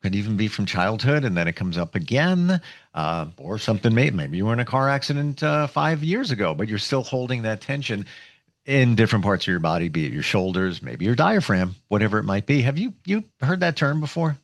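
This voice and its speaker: Male podcast host, reflective, lively intonation, dry recording. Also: fairly low pitch, fairly quick, no room sound. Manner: reflective, asks questions, frequent affirming murmurs. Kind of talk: podcast interview.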